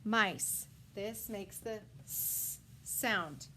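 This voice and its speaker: Woman primary teacher for a phonics lesson, very slow and careful, with faint background hiss. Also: mid-range voice, pushed and bright. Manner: slow, sound-by-sound enunciation with frequent praise. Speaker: first grade teacher. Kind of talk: phonics lesson for young children.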